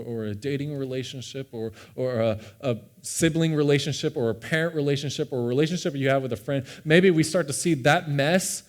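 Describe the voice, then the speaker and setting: A young man, a pastor, telling a personal story in a sermon with earnest, animated delivery and frequent restarts. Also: mid-range voice. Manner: earnest and animated, often repeating words as he restarts. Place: church sanctuary.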